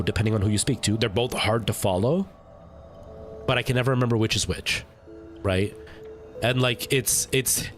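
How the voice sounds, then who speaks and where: A man streaming a game live, chatting casually and thinking aloud with lots of fillers and restarts. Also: medium pitch.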